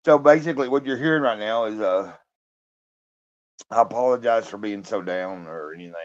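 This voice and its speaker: A man in his fifties talking alone on a live stream, downcast and halting, sighing and swearing often. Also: on the low side. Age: 50s. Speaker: livestreamer. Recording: muffled lo-fi stream audio.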